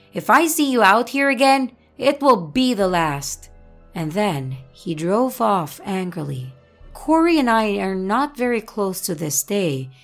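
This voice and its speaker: Woman narrating a creepy story. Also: medium pitch. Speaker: narrator reading viewer stories. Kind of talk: scripted horror story narration.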